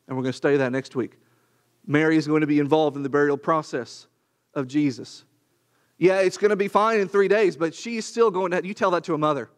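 A man preaching a Bible class in an earnest, conversational way, with rhetorical questions and repetition. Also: a little high. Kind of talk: sermon-style Bible class.

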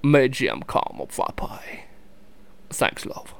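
A man doing a hushed, breathy older actor impression. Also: mid-range voice, wildly swooping pitch, no echo, voice pushed down, full character voice. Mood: mock polite. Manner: hushed, breathy, drawn-out delivery. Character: impression of an older male British actor ordering food. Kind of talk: comic impression.

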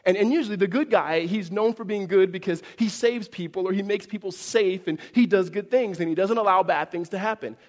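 A man giving a sermon as pastor, animated and conversational, acting out quoted voices with big swings up and down. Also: high voice, brisk, few pauses, long reverb tail.

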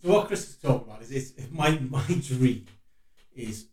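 A man's voice: medium pitch, expressive, moderate pace, warm tone, far from the mic. A British man co-hosting a podcast in casual chat, swearing freely and teasing his co-host. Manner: sweary, banterous, mock-insulting. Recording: roomy, off-mic sound.

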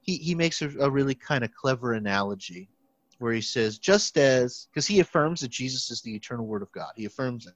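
A man's voice: medium pitch, brisk, dry recording. Rambling young man chatting about theology. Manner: rambling, lots of restarts and fillers, animated when quoting people. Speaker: theology student. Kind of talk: casual podcast chat. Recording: dry, slightly dull recording.

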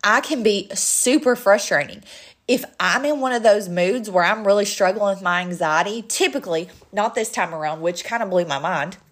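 A woman's voice: mid-range voice, moderate pace, a bit bright. A young adult woman speaking earnestly to her listeners, often repeating a point for emphasis. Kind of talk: personal talk to listeners.

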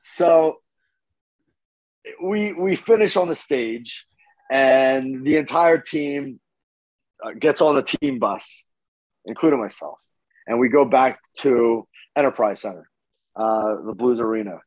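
A man telling a story casually as a podcast guest, animated, with his voice jumping up when he gets excited and swearing freely. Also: medium pitch, slow, long pauses, no room sound, low-quality recording.

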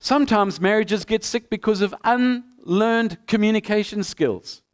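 A middle-aged male pastor preaching a sermon with animated storytelling, acting out both sides of the dialogues. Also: sits high, measured pace, clean tone. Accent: non-American.

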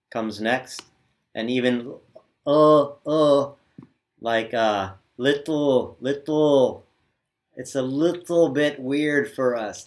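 Male teacher, unhurried delivery, demonstrates sounds, checks "right?" with students. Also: medium pitch. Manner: frequent "right?" check-ins. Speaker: language teacher. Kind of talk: spoken lesson on pronunciation.

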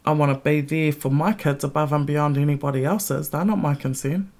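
Aussie woman ranting on her podcast, blunt and sweary, gravelly voice. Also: deep voice, fairly even intonation, a little fast, darkish tone. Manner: blunt, heavy swearing, emphatic. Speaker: podcast host. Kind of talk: casual ranting monologue.

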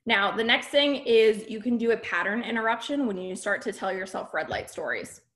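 A woman's voice: mid-range voice, lively intonation, fairly quick, fairly bright tone. Candid woman giving a motivational talk. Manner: candid and emphatic, often checks in with "right?". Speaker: podcast host and business coach. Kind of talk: motivational talk to a live group.

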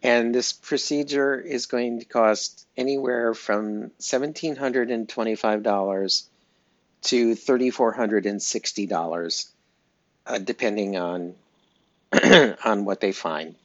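A man speaking slowly and haltingly in a heartfelt personal audio diary, with many pauses and fillers. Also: fairly low pitch, dry recording. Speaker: pet owner sharing an update. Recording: dry, dull lo-fi recording.

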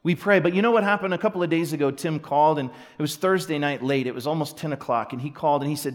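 A middle-aged pastor preaches with a voice pitched a little high for a man. He drops to near whispers when telling a hard story, then climbs into loud, excited shouting. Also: quick pace, hardly any pauses. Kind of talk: sermon.

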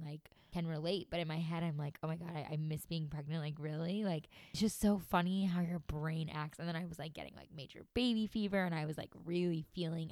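A woman's voice: deep voice, a little mellow, no room sound. A young woman hosting a podcast, talking casually and gushing, with many "like"s and fillers. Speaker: podcast host. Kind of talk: casual monologue.

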